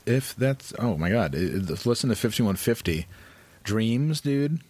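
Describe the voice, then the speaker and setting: A man's voice: fairly low pitch, animated, unhurried, a little mellow, husky, dry recording. A man co-hosting a podcast in casual chat, laid-back and eager about music. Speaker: podcast co-host.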